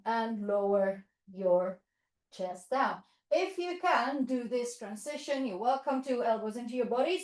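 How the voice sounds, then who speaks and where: Teaching a group of yoga teachers, a woman calls out poses with encouragement and adds playful animal noises meant for kids. She sounds a little high with a darkish tone, and the poor-quality audio carries room echo.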